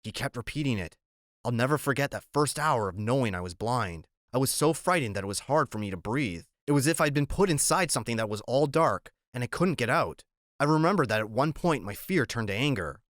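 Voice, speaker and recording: The narration comes from a man with a middle-pitched voice, working through a novel at a steady, measured pace for an audiobook. Everything is recorded close and dry, with no room sound around it.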